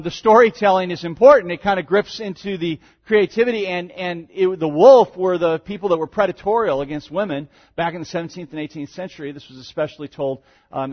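Husky pastor guy preaching, gets loud on the big words, lots of ums, muffled lo-fi recording. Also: fairly high pitch. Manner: emphatic, swelling loud on key words, with conversational fillers. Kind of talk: sermon with scripture reading.

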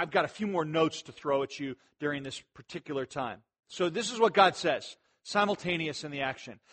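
A man preaching an expository sermon, conversational with asides, at times shouting commands for emphasis. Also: fairly high pitch. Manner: animated, shouts imperatives for emphasis. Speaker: pastor.

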